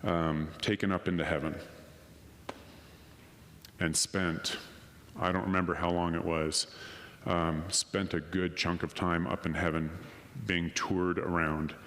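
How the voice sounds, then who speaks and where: A middle-aged man giving a personal testimony at a conference, an animated storyteller who acts out the dialogue. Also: low voice, measured pace, long pauses. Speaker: conference speaker. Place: conference hall. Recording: long hall reverb.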